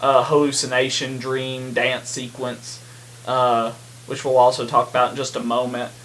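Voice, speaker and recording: A man's voice: mid-range voice, flat delivery, moderate pace, a bit bright, slight background noise. A man co-hosting a podcast, chatting casually about a film, rambling with many fillers and laughs. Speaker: podcast co-host. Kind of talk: casual movie chat.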